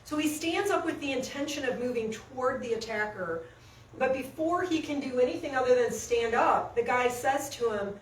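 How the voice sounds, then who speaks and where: Animated woman coach storytelling. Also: high voice, a little fast, recorded from a distance. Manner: animated storyteller, acts out quotes. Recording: echoey room, speaker off-mic, faint noise.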